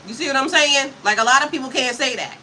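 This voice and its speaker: A woman's voice: high voice, fast talker, pushed and bright, slight background noise, poor audio. A woman in her fifties, livestreaming to her chat in a sassy, profane way, with frequent laughter, talking into a computer mic. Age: 50s. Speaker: spiritual coach livestreaming to chat.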